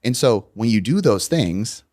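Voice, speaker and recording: A man's voice: fairly low pitch, sing-song, measured pace, a little mellow. A man, a coach, telling stories bluntly and casually as a podcast guest, with some swearing. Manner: blunt, profane storytelling.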